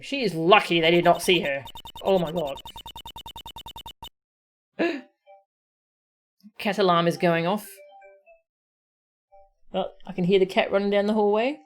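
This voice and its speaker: A woman's voice: fairly low pitch, expressive, measured pace, pauses often, soft background music. A woman game streamer chatting casually with her viewers and her cats, her voice sore from streaming. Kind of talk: casual live-stream chat.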